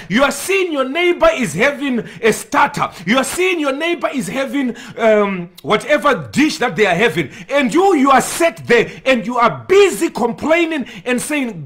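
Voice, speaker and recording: A man's voice: very high-pitched, sing-song, moderate pace, few pauses, fairly bright tone. A man preaching an emphatic sermon, repeating phrases and breaking into bursts of tongues.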